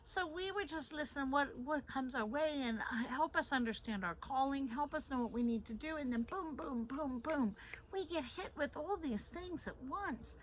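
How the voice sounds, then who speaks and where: A middle-aged woman giving an informal devotional talk into a phone. She is animated and repeats phrases for emphasis. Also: high voice, moderate pace, slight background noise, poor audio. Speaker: devotional host.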